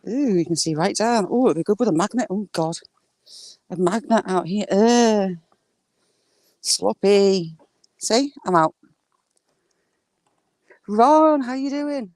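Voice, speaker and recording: A woman chatting casually on a walk by the water, filming on a handheld phone and cooing at ducks in a high sing-song voice. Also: unhurried, pauses often, a little mellow, no echo. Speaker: vlogger. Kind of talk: casual walking vlog. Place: outdoors by water.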